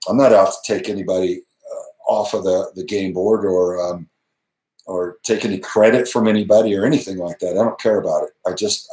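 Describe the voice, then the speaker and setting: A man's voice: sits low, darkish tone, roomy sound, rough recording. A man hosting a live Q&A monologue, talking earnestly and emphatically, with short laughs and restarts. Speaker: channel host.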